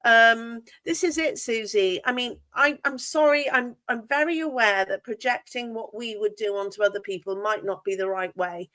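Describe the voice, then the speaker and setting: A woman's voice: a little high, moderate pace, hardly any pauses, fairly bright tone. A woman hosting a livestream about a true crime case, asking pointed, disbelieving questions with emphatic stress. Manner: incredulous, emphatic, asks many questions. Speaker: livestream host. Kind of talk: true crime discussion stream.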